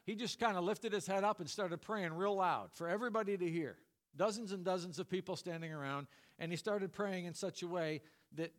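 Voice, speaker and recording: A man with a fairly high voice delivers a lively sermon. He tells the story with humor and slips into acted-out voices for the people in it. He sounds middle-aged and talks like a pastor to his congregation.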